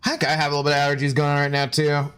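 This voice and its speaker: A man's voice: on the high side, monotone, racing, fairly bright tone, clean tone. A young man streaming a game, chatting casually and ranting with exasperation, swearing freely. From United States. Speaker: gaming streamer. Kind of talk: casual live-stream commentary.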